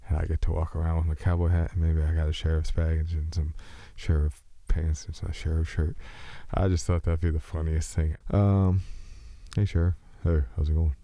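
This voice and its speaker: Deep-voiced man with a slight Texas twang. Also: level tone, normal speed, few pauses, mellow, no room sound. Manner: loose, joking, meandering, self-mocking. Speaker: podcast host. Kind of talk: rambling solo podcast monologue.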